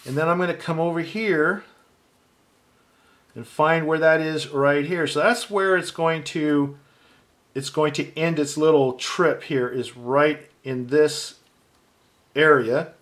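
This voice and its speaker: A man with a slightly higher voice gives a patient, step-by-step drawing lesson. He talks himself through each mark as he works, relaxed and unhurried. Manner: calm, thinking aloud while drawing. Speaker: art teacher.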